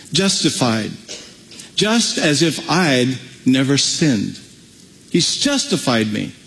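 A man preaching a sermon as pastor, animated, breaking into playful acted-out asides. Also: on the high side, big-room sound, poor audio.

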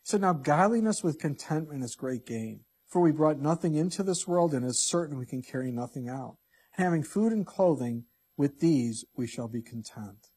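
A male pastor preaching a sermon, reading scripture and swinging between loud emphatic lines and hushed ones. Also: a little high, lively intonation, normal speed, breathy edge.

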